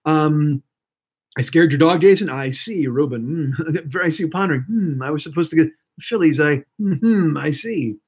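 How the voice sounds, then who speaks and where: A hoarse man in his fifties hosting a live stream, rambling and swearing excitably as he chats with viewers. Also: fairly high pitch, normal speed. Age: 50s. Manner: rambling, profane, excitable, talks to chat. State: hoarse throat. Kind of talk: casual live-stream chat.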